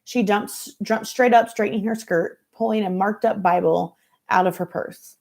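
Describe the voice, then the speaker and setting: A woman reads a novel aloud to students in dry, measured first-person narration. Her voice is low and gravelly, with a dark, mellow color. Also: steady tone. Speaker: reader of a novel for school students.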